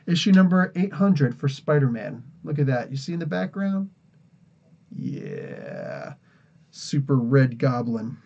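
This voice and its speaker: A man's voice: mid-range voice, sing-song, slow, vocal fry, dark tone, dull audio. A man from New Jersey hosting a casual comics podcast livestream, tired and rambling, laughing often. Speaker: podcast host.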